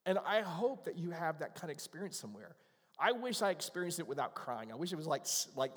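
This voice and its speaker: A man's voice: on the high side, big pitch swings, fast, fairly bright tone, breathy edge. A man preaching a sermon in a conversational, earnest way who is moved to emotion easily. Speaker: pastor. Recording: long hall reverb.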